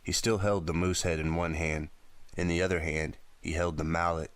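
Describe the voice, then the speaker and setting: A man with a very deep voice narrating a thriller audiobook in a steady, dramatic way. The recording is close and dry, with no room sound. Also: moderate pace, clear, resonant tone, dry recording. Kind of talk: audiobook reading.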